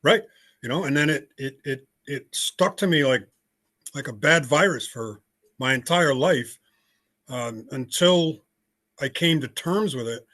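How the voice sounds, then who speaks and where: A man's voice: mid-range voice, lively intonation, a little slow, fairly bright tone. An older American man, a podcast guest on a video call, telling his story bluntly with frequent fillers. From United States. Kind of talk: storytelling interview.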